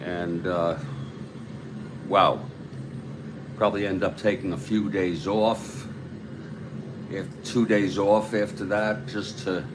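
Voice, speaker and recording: A man hosting a tabletop baseball replay, giving calm, measured play-by-play with chatty asides to viewers. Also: low-pitched, background noise. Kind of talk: play-by-play commentary of a board game replay.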